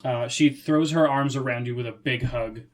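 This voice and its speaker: A man narrating as game master, in a relaxed way with frequent hesitations. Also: medium pitch, moderate pace.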